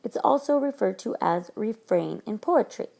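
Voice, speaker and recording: A woman teacher narrating a recorded lesson, explaining things clearly to her students. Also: medium pitch, expressive, moderate pace, darkish tone. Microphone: tablet microphone.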